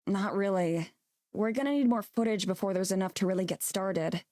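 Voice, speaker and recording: A hesitant young video maker voiced by a woman in a visual novel, often trailing off mid-thought. Her middle-pitched voice is recorded dry and close, with no room sound. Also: moderate pace, dark tone, dry recording, close to an everyday voice.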